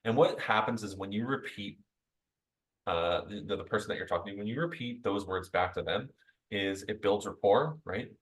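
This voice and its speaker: A man giving a conversational sales training talk to a group, upbeat and chatty, tagging most points with a quick "right?". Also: fairly low pitch, rough recording. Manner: upbeat coaching tone, addresses group directly. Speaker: real estate sales trainer.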